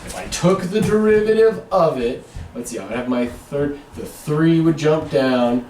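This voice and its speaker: Casting: male calculus lecturer, chatty and self-correcting, very lively pitch. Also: moderate pace, distant mic. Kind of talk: classroom lecture. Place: classroom. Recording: echoey classroom with background noise.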